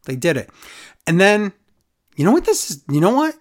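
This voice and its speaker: A podcast host recapping a wrestling show in casual chat, sarcastic and animated, acting out quotes in other voices. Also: medium pitch, normal speed.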